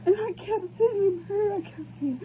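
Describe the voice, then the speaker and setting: A woman's voice: very high voice, moderate pace, slight background noise. Distraught woman on a tinny phone recording. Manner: distraught, pleading, repeats herself. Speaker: parent. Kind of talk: emotional phone vlog.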